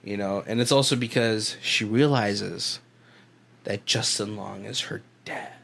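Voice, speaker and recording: A man's voice: lowish voice, unhurried, creaky, a bit bright. A man co-hosting a movie podcast in casual chat, rambling and laughing often as he recaps. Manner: rambling, laughs often, swears, puts on voices for quotes. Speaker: podcast co-host.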